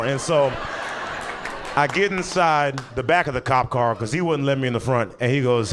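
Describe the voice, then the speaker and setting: Speaking a little fast in an expressive, medium-pitched voice with a fairly bright tone, a young stand-up comedian chats easily through his club set and puts on voices for people he describes. The live audience can be heard laughing and clapping, along with a background hum.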